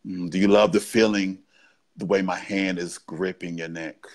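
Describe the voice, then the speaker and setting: Hushed dominant lover, a man putting it on, breathy whispered role-play with a dropped pitch. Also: fairly even intonation, moderate pace. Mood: coaxing. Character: low-voiced dominant lover murmuring to a partner.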